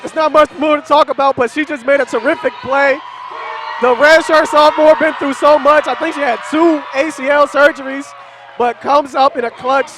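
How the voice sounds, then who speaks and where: A man's voice: extremely high pitch, fairly even intonation, moderate pace, noisy background. A man giving color commentary on a live basketball game, with plainspoken, conversational reactions. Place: arena broadcast position. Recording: loud crowd behind.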